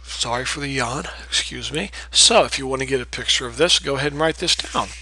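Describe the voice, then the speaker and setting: A man's voice: mid-range voice, a little fast, sharp tone, husky, rough recording. A man teaching a math lesson in a patient, explanatory way, repeating key terms and checking in with "okay?". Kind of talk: recorded classroom lecture.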